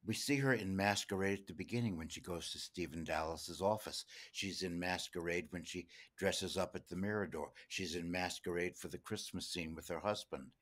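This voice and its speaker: A man's voice: sits low, normal speed, hardly any pauses, fairly bright tone. A man co-hosting a podcast, analyzing a classic film and putting probing questions to his co-host. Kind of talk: casual film discussion.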